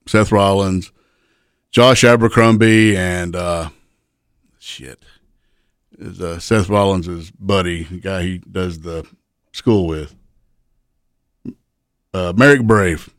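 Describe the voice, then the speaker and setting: A man's voice: deep voice, slow pace, pauses often, dry recording, clean studio sound. A middle-aged man, a former wrestler, telling rambling, profane backstage stories in casual chat. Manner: laid-back, profane, rambling anecdotes. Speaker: guest, retired pro wrestler. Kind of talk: casual storytelling.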